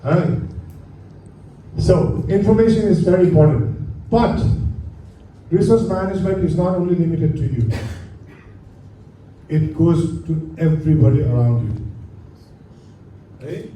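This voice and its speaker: A man giving an aviation lecture to a class, lively and full of rhetorical questions. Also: on the high side, measured pace, long pauses. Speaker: aviation instructor. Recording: echoey room from far off, faint hum.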